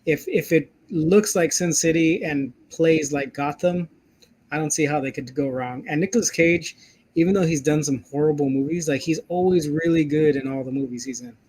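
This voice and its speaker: A male co-host with a slightly raised pitch. He talks in a laid-back, slangy way and drops "dude" into casual banter. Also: moderate pace, a little mellow. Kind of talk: casual chat.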